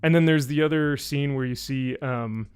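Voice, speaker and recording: A man's voice: normal speed, clean tone. Sarcastic man ranting on a stream. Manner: animated, sarcastic, many fillers, mimics people with high voices. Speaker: YouTube reviewer. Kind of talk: casual live-stream rant.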